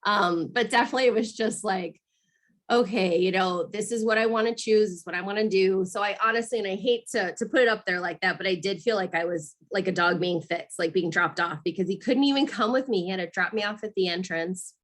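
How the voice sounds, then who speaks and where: A woman's voice: medium pitch, a little fast. A woman in her thirties from Arizona, candidly telling a personal story in an interview, laughing now and then and acting out what people said. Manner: candid, laughs often, acts out quoted voices. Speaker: guest mother.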